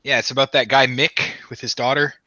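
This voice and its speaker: A man's voice: mid-range voice, little pitch movement, a little fast, bright, forceful tone, dry recording, dull audio. A man co-hosting a casual movie review podcast, cracking playful jokes. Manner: joking, playful. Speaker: podcast co-host.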